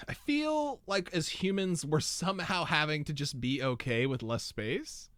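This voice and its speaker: Animated rambling man, bright dry voice. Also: on the high side, dry recording. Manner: rambling, animated, quick tangents. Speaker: podcast host. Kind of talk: casual chat. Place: home studio with soundproofing.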